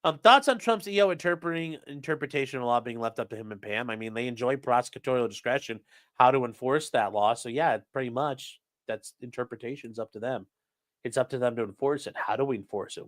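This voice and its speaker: A man's voice: medium pitch, fairly bright tone, no room sound, studio quality. A young man, a streamer and trial lawyer, chatting casually on a live stream, rambling, swearing and reading chat aloud.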